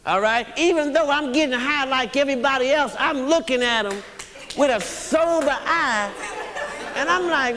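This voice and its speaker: High-voiced man giving a slow recovery talk. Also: big pitch swings, sharp tone. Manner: blunt, emphatic, checks in with the audience. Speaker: recovery speaker. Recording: long reverb of a hall.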